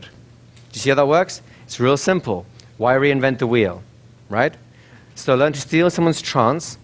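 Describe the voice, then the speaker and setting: A man teaching a hypnosis workshop in a seminar room, casual and brisk, often checking with the group. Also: mid-range voice, animated. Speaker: hypnosis trainer.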